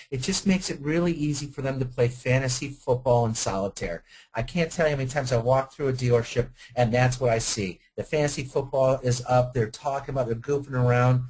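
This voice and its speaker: This is a webinar presentation by a male dealership sales trainer, delivered at a medium pitch and a fairly quick clip to car sales staff. His manner is energetic and conversational, full of rhetorical questions, though the recording is low-quality.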